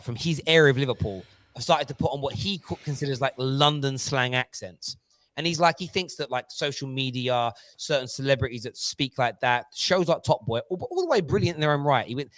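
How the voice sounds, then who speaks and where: A man hosting a casual football chat stream, talking in an animated, jokey and excitable way. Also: medium pitch, no echo. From Jamaica. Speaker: host.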